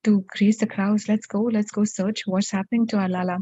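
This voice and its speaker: Lady doing scared village folk, anxious and pleading, husky low-key voice, dull lo-fi audio. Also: little pitch movement, a little fast, warm tone, dry recording, lightly acted. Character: frightened village folk, grieving.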